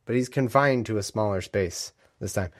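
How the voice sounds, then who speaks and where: A man's voice: lowish voice, moderate pace. A man hosting a casual podcast stream from a room at home, rambling and joking as he keeps cutting himself off. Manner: rambling, joking, self-interrupting. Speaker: podcast host. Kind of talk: casual livestream chat.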